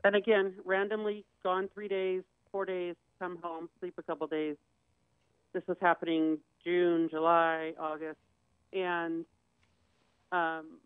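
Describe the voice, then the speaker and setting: On a talk show, a woman guest relates a hard story plainly and openly, performing the voices of those she quotes. Her mid-range voice is clear and resonant, though the dry recording has a thin, tinny, phone-like quality.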